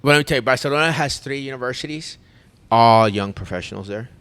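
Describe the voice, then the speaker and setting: A man, a podcast host telling a long story in casual chat, animated and rambling with restarts. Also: mid-range voice, fast, smooth. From United States.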